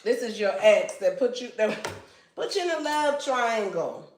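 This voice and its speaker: High-voiced, blunt woman reading tarot. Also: animated, a little slow, slight background noise. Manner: blunt, slangy, swears freely, acts out the listener's replies. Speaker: tarot reader. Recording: echoey room.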